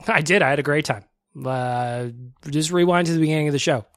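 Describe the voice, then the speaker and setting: A man's voice: a little high, a little fast, no echo. Chatty male podcast host, dry sound. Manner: chatty, enthusiastic, self-deprecating. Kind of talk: casual podcast chat.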